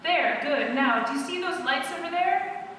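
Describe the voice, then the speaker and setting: A woman's voice: extremely high pitch, lively intonation, normal speed, pushed and bright, slight background noise, voice pushed up, exaggerated voice. A woman reading aloud, voicing a male race official in a boat who urgently coaxes a swimmer along. The sound is echoey and comes from far off in a hall. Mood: urging. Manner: coaxing, insistent.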